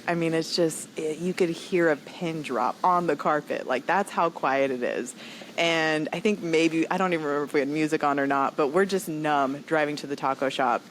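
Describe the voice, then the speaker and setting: A woman comedian telling a personal story in a podcast interview, animated and acting out other people's lines as she goes. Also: sits low, a little hiss or hum, low-quality recording. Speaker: comedian guest.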